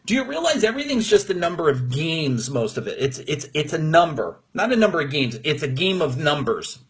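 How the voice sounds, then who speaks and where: A man's voice: fairly high pitch, sing-song, a little fast, slightly rough. A man giving an unscripted motivational talk to viewers on a live stream, blunt and profane, mocking people who whine. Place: room with neighbors next door.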